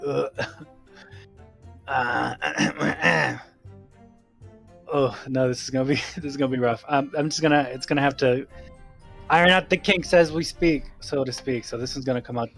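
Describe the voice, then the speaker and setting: A man's voice: mid-range voice, moderate pace, gravelly, pauses often, a bit bright, faint music behind. A man casually commenting on a game while streaming, joking and laughing often. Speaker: let's play streamer.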